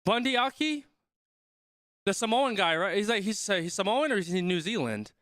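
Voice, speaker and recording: A young man talks casually through a live match, thinking aloud and stopping halfway through sentences as he reads viewer comments. His voice is bright and crisp, a bit higher than most men's, and it sits close and dry on the mic. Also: animated, quick pace, no echo. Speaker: streamer reacting to a rugby match.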